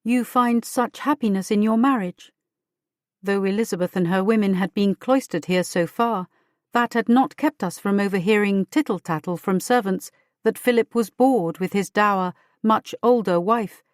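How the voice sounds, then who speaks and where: Measured woman narrating an audiobook. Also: medium pitch, no echo, clean studio sound. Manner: measured, storytelling. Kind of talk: first-person audiobook narration.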